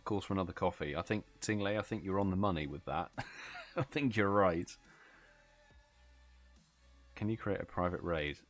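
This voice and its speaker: Over soft background music, a weary British livestream host chats casually with his audience and reads their messages aloud. His voice sits low and expressive, moving at a moderate pace with frequent pauses, and he yawns and laughs as he goes.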